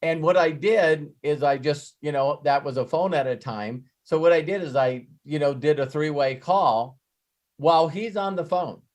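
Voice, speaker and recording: Animated male host telling stories. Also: fairly high pitch, normal speed. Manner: animated storyteller acting out both sides of phone calls. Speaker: host and business coach. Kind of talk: casual storytelling on a live session.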